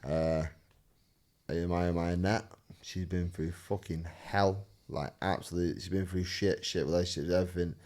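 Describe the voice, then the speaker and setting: A man's voice: low voice, fairly even intonation, moderate pace, darkish tone. A man, a fighter talking casually and earnestly on a podcast, swearing freely and repeating himself. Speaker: fighter guest.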